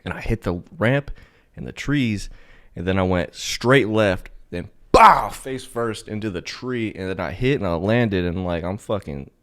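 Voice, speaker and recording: A podcast co-host with a fairly low, unhurried male voice spins a rambling, profane story during casual chat. He leans heavily on "like" and gets animated while telling it.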